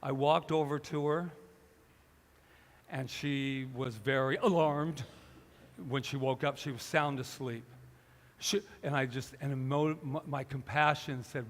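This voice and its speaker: A man's voice: mid-range voice, steady tone, unhurried, slight background noise. Man preaching a story in a reverberant hall. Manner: storytelling, acting out both sides of a conversation. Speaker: pastor. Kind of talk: sermon. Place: church hall.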